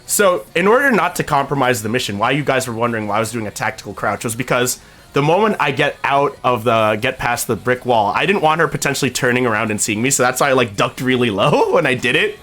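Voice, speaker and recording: A man streamer telling a story in casual chat, animated and laughing often, with lots of "like" and "right?". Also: mid-range voice, fast talker, soft background music.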